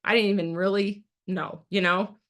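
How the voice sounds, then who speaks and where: A woman's voice: medium pitch, steady tone, moderate pace. Earnest middle-aged woman telling her story. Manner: earnest and plain-spoken, addresses listeners as "you guys". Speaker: direct sales team leader sharing her story. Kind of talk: personal testimony on a team call. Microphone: video call.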